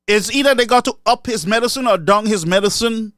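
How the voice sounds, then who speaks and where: A man with a Saint Lucian accent delivers a mocking political commentary, slipping between English and Creole. His voice sits high for a man. The recording is dry, with no room sound. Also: expressive, a little fast, hardly any pauses, fairly bright tone, no room sound. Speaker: online commentator.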